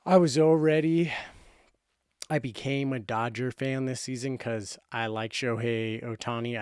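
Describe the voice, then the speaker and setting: A man's voice: medium pitch, darkish tone, clear, resonant tone, dry recording, clean studio sound. A man in his thirties hosting a sports show, making playful, boastful predictions in a casual chat. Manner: boastful, playful, self-correcting.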